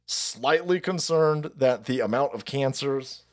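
A man hosting a livestream and ranting in a crude, profane, sarcastic way, slipping in quick mocking voices. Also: medium pitch. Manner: mocks people by putting on quick voices. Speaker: livestream host.

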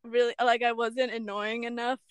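A young woman co-hosting a podcast, telling a story in casual chat, animated and full of "like" and "bruh". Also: on the high side, moderate pace, smooth. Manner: animated storyteller, heavy use of "like" and "bruh", acts out quotes. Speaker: podcast co-host.

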